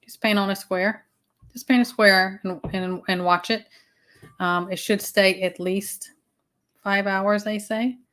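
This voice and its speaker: Her mid-range voice is steady, slow and a bit bright as she hosts a casual livestream chat. She's a woman from the Southern United States with a matching accent, and she rambles with fillers and restarts.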